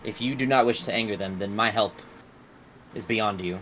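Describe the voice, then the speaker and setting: A man voicing a weary, aloof male jinni bound by contracts, speaking in slow, grave, clipped pronouncements during a tabletop game. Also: on the low side, a bit bright, slight background noise, lightly acted, rough recording. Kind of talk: tabletop role-play voicing.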